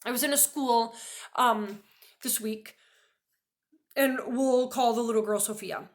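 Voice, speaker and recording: A woman giving a casual teaching talk on behavior, chatty and full of little "right?" asides, telling stories in a lively way. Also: a little high, a little slow. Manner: lively storyteller who acts out quoted voices. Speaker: behavior educator.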